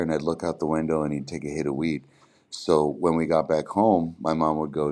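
A man hosting a podcast, telling a long profane story in casual, animated chat. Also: rumbling low, fairly quick. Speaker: podcast host.

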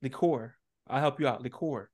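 A man on a podcast, telling stories in loose casual chat, animated and full of swearing. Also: mid-range voice, moderate pace. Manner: animated, profane storyteller.

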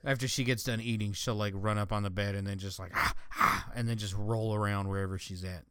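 Smooth-voiced young man, crude podcast banter. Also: lowish voice, steady tone, brisk, a bit bright, no echo. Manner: crude joking, reads headlines aloud with asides. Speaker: podcast host. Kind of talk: casual podcast chat.

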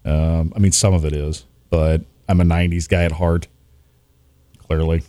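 A man's voice: deep voice, little pitch movement, moderate pace, mellow, no room sound. A man, a radio DJ chatting casually as a podcast guest, rambling and poking fun at himself. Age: 40s. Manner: rambling, self-mocking, chuckles often.

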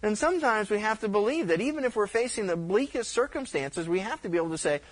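A middle-aged male pastor preaches a conversational sermon, telling stories in an animated way with frequent restarts and stammers. His voice sits high and he speaks fast.

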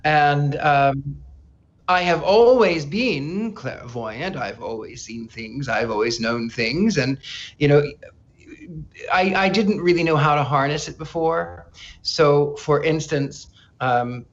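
A man as a psychic guest in an interview, telling stories in an animated, chatty way with frequent stammered restarts. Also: a little high, slow, lo-fi sound. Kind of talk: casual interview storytelling.

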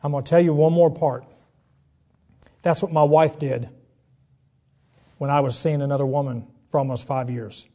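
A middle-aged man preaching a sermon, telling a personal story and acting out the voices in it, swinging between hushed and loud. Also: a little high, steady tone, moderate pace, long pauses. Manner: dramatic storytelling, acts out quotes, swings between soft and loud.

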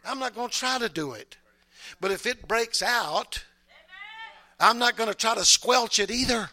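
Male bishop, high bright voice; folksy sermon delivery, quiet asides building to shouted praise. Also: lively intonation, normal speed. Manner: folksy, repeats words, calls out amen. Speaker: bishop preaching. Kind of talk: Pentecostal-style sermon.

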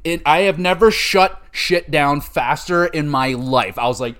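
A man hosting a gaming podcast, giving a casual, profane and animated review with mocking impressions. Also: a little high, unhurried, few pauses. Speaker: podcast host. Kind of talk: casual game review chat.

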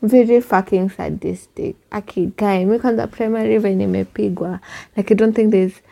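A young Kenyan woman hosting a laid-back podcast, talking in an animated way and swearing freely. Her voice sits at a middle pitch. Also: moderate pace, gravelly. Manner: animated, swears freely, mixes English and Sheng. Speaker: podcast host. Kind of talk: casual chat.

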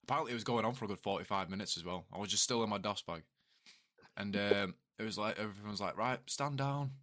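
A man's voice: on the low side, quick pace, a bit bright. A young man co-hosting a podcast, telling army stories with crude jokes in a laid-back way. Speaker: podcast co-host. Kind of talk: casual army stories chat.

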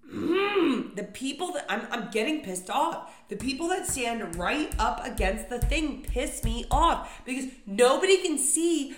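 A woman's voice: high-pitched, sing-song, measured pace, a little hiss or hum. Young woman ranting profanely, roomy echo. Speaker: podcast host. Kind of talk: comedic solo rant. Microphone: podcast microphone.

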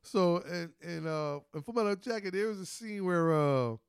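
A man co-hosting a casual, profane movie breakdown, retelling scenes and backing up his partner with quick affirmations. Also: high-pitched, gravelly, clear, resonant tone, no room sound, studio quality. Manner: profane, retells scenes by acting out quotes, keeps affirming "facts" and "word up". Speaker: podcast co-host.

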